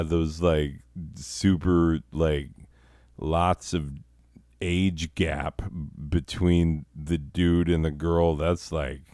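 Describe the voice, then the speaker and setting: A comedy podcast host with a bass voice, a little mellow and smooth, tells stories in a rambling, casual way, swearing heavily and using many fillers. The sound is clean studio quality with no echo.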